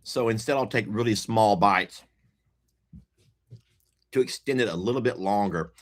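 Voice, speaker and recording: A man chatting casually to viewers while eating, folksy and teasing. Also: fairly low pitch. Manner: slow, folksy, teasing, laughs often, talks while eating. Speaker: food vlogger. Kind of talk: casual mukbang chat to viewers.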